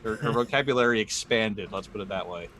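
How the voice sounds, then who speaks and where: A lowish American male voice with a halting, rambling delivery, full of restarts. He chats casually on a live podcast stream. A faint hiss sits under the recording. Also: a bit bright. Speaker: podcast co-host.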